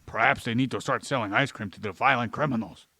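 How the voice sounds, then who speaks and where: A man with a gravelly, creaky voice holds forth in a comedic podcast chat, swearing freely as he rants and lectures. His voice sits in an ordinary middle range. The sound is dry and close, with no room around it. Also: mid-range voice, fast talker, bright, forceful tone, no echo. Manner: profane, ranting, lecturing; plays an alien persona in an ordinary voice. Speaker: podcast co-host. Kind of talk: rambling comedic science chat.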